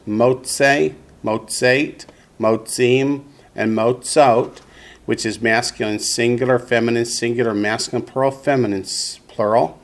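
A man teaching a class, explaining slowly and deliberately and leading the group in repeating words. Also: medium pitch. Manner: slow, deliberate explanations, leads group repetition. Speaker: Hebrew teacher. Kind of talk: classroom lesson with call-and-response.

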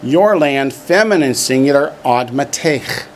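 A man's voice: mid-range voice, expressive, unhurried. A man teaching a class from a textbook, drilling vocabulary and adding dry joking asides. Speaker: Hebrew teacher. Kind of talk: classroom lesson, reading from a textbook.

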